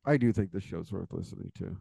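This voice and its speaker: A man's voice: deep voice, fast talker, creaky, mellow, breathy edge, no room sound, studio quality. A man co-hosting a podcast in casual chat, joking and self-mocking. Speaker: podcast co-host.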